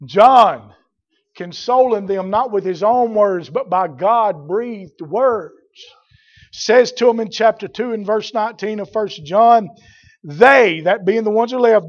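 High-voiced fiery preacher. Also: male voice, unhurried, dull audio. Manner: rising to shouted fervor, folksy dialect. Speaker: pastor. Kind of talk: sermon.

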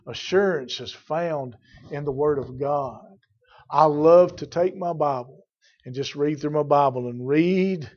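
A man preaching a sermon, fervent, rising to loud emphatic bursts. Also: medium pitch, dull audio. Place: church.

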